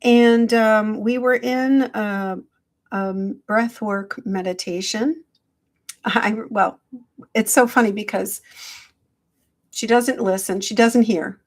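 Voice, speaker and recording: Middle-aged woman, spiritual host, unhurried gentle live chat into a phone. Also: mid-range voice, steady tone. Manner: slow, gentle, affectionate, greets viewers by name. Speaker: hypnotherapist livestream host. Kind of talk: casual live-stream check-in.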